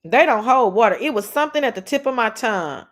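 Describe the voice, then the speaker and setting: Woman livestream host, higher-pitched, animated, swears casually, reads out chat. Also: fast talker. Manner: animated, blunt, swears freely, drawls "child" and "y'all". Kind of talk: casual live commentary, reading chat.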